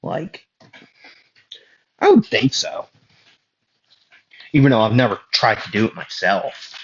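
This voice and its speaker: A man's voice: on the low side, big pitch swings, slow, lo-fi sound. A young man casually narrating a fan story, rambling with fillers and self-deprecating asides.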